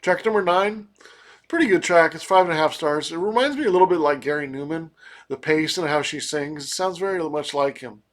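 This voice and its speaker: A man's voice: fairly high pitch, brisk. Rambling man reviewing an album. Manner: rambling, with many fillers and restarts. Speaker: music reviewer.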